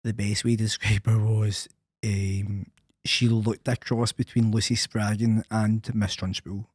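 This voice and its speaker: A young man co-hosting a podcast, telling stories in a wry, deadpan way. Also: on the low side, a little slow, dry recording, studio quality. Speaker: podcast co-host. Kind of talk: casual chat.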